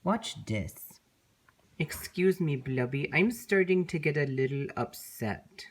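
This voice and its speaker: Woman voicing a unicorn host, kids show, deep voice, lively, unhurried, soothing. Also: a little hiss or hum. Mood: calm. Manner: slow, soothing, teaching. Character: gentle patient unicorn host, female.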